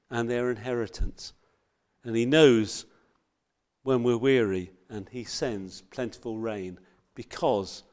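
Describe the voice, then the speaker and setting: A man preaching a sermon, earnest and reading scripture with loud emphasis. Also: medium pitch.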